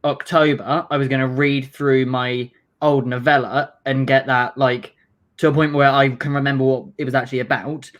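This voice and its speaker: Nasal British woman, very low voice. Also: flat delivery. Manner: self-deprecating, quick rambling. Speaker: guest on a livestream. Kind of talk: casual chat.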